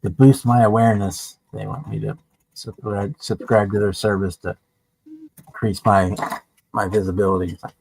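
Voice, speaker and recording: Low-voiced man explaining patiently. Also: steady tone, moderate pace, creaky, a little mellow, slightly rough, no room sound, low-quality recording. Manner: explains at length with restarts. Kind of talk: casual livestream chat.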